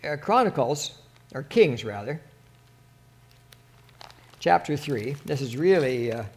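A man preaching an informal sermon, reading scripture with rising fervor between halting, earnest asides. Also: mid-range voice, animated, darkish tone.

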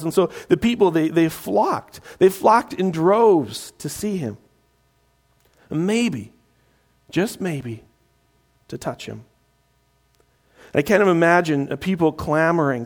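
A man preaching a sermon, often repeating his words and acting out crowd voices. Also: a little high. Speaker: pastor.

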